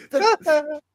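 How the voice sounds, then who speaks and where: A man co-hosting a casual stream, giving short agreeing replies, laughing and cueing up clips. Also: extremely high pitch. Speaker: co-host. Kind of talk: casual chat.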